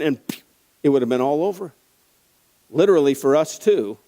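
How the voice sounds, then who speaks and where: A male pastor preaching a conversational sermon that swings between hushed, grave moments and impassioned emphasis. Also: fairly high pitch, animated, normal speed, long pauses, in a large hall, rough recording.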